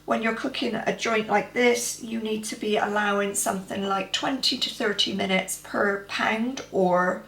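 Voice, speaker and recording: A woman's voice: mid-range voice, steady tone, measured pace, vocal fry, few pauses, a bit bright, roomy sound, low-quality recording. A woman host giving chatty, practical step-by-step cooking instructions in her home kitchen. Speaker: cooking vlogger. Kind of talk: casual cooking demonstration.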